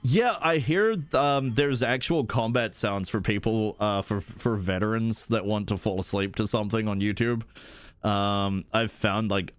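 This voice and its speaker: A man streaming from home, chatting excitedly with viewers in a rambling way, often jumping up into high-pitched bursts. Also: clean tone, no room sound. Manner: rambling with restarts. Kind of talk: live-stream chat while gaming.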